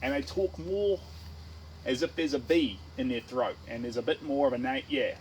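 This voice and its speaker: A man's voice: medium pitch, normal speed, slight background noise, poor audio. A man with a New Zealand accent, an artist chatting casually on a livestream while he paints, rambling and playful. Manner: rambling, playful, full of restarts and tangents.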